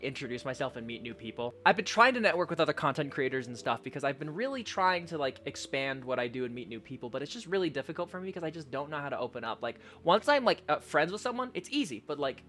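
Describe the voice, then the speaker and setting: A young man, a content creator, answering fan questions in a casual vlog, joking, swearing and doing silly voices in his stories. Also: slight background noise. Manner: animated, jokey, swears often, does high silly voices in stories.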